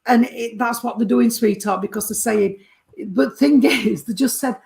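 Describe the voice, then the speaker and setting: A woman's voice: fairly high pitch, moderate pace, creaky, slight background noise. A woman giving a chatty mediumship reading to a sitter. She calls the sitter darling and sweetheart and keeps asking whether they understand. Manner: chatty, warm terms of address, keeps checking with the sitter. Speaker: spiritualist medium.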